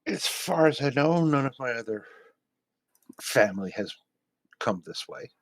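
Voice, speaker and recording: A man voicing a reserved, space-born character who answers calmly and briefly. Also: mid-range voice, gravelly, no echo. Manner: terse, calm, measured answers.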